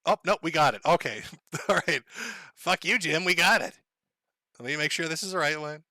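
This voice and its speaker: Man, live stream host, sardonic, laughs a lot, higher voice, dry sound. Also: normal speed, bright, forceful tone, dry recording. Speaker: livestream host.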